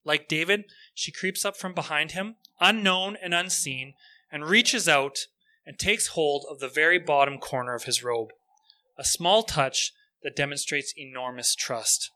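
A male preacher telling a story in a sermon, earnest and slowing down for emphasis. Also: fairly high pitch, bright, forceful tone.

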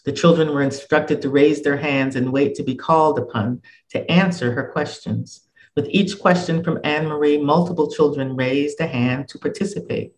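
A man narrating a personal essay in a measured, reflective reading voice. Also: on the high side, steady tone, poor audio.

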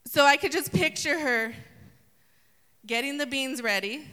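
A woman preaching a lively sermon, playfully acting out voices from the story. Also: sits high, unhurried. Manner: animated, acts out voices of the story. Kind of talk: sermon with humor. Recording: long hall reverb.

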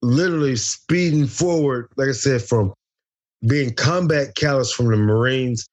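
A middle-aged American former fighter, appearing as an interview guest, tells a wild story loudly and profanely, acting out the dialogue. His mid-range voice moves at a measured pace, and the recording is muffled.

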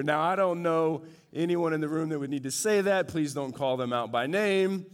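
Pastor guy preaching, loud one sec then hushed, big echoey church sound. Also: on the high side, normal speed, few pauses, clear, resonant tone. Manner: swings from loud joking asides to hushed earnest stress. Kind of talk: sermon.

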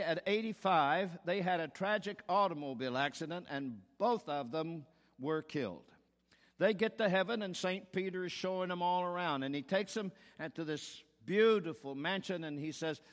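A man preaching a sermon as pastor, telling a joke and then making emphatic rhetorical points. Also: a little high. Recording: long hall reverb.

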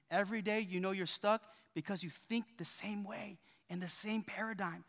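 A pastor from Southern California preaches with a very high, forceful, bright voice. He drives his sermon with repetition and call-and-response. The sound carries the long reverb of a church hall. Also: steady tone, moderate pace, few pauses. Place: church sanctuary.

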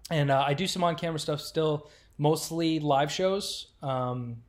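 A man's voice: on the high side, a little slow. A man in his thirties, from Rochester, New York, chats as a guest on a podcast. He talks in a loose, rambling way, full of little fillers, and laughs easily. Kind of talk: casual chat.

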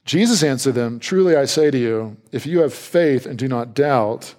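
A male pastor preaching a sermon in a conversational, animated way, with playful asides and quick jumps in pitch when he voices reactions.

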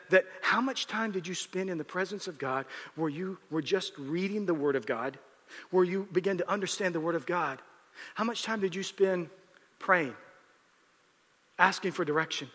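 A male pastor preaching a sermon, swinging from loud, emphatic outbursts to quiet, confiding asides. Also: sits high, in a large hall.

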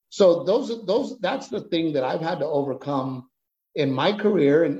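A man's voice: fairly high pitch, normal speed. A man with a slightly raised voice tells stories in an interview the way a stand-up comic would, acting out the people in them. His sound has a roomy echo and a dull, muffled tone. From United States. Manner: animated storytelling, acts out other voices. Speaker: stand-up comedian, guest. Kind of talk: conversational interview answer.

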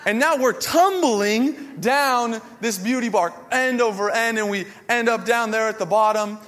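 A man with a notably high voice preaches a sermon, telling self-mocking stories with humor. His words ring out with the long reverb of a large hall. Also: unhurried, fairly bright tone. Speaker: pastor.

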